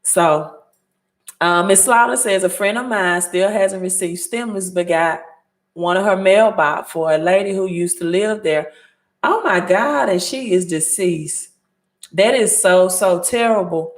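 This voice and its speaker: A woman's voice: on the low side, a little slow, roomy sound. A woman with a Southern Mississippi accent hosting a casual livestream, chatting loosely and reading out viewer comments as she thinks aloud. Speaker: credit advice host.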